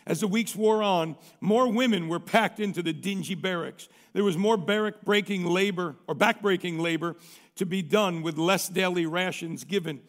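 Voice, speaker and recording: A male pastor preaches in a folksy, conversational way, pausing now and then to clear his throat as he reads a story aloud. His voice sits high and has a gravelly, fry-tinged edge. The sound carries a long reverb, as in a large hall. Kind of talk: sermon with read-aloud story.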